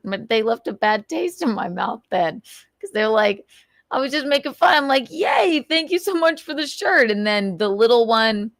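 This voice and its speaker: A woman's voice: medium pitch, no room sound, studio quality. A woman hosting a casual livestream, rambling and gossiping, swearing freely as she vents. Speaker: livestream host.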